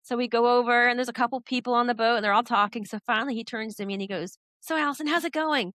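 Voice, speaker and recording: A middle-aged woman, a podcast guest, telling her story in a lively, animated way. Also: on the high side, rapid-fire, dry recording. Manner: animated storyteller who acts out voices in quotes. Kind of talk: storytelling in a casual interview.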